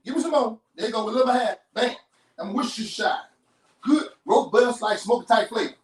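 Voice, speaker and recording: A man's voice: high voice, moderate pace, distant mic. A man hosting a live cooking show, talking folksy and chatty straight to his viewers. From Chicago. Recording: roomy kitchen, off-mic.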